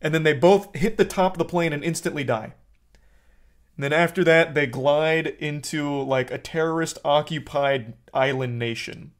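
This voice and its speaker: A man's voice: a little high, moderate pace. A man streaming live, bluntly and profanely ranting about a movie to his chat in casual talk.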